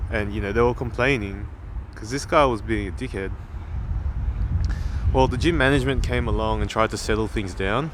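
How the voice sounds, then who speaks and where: A man's voice: mid-range voice, a little fast, background noise. A man telling a story in a reflective vlog, rambling and self-critical with many fillers. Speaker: vlogger.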